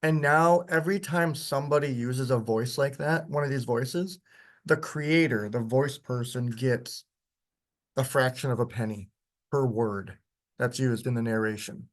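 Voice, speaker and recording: A man teaching a workshop, walking through software in a casual, chatty way with frequent ums. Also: mid-range voice, measured pace. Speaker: workshop instructor. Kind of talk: live software demonstration lecture.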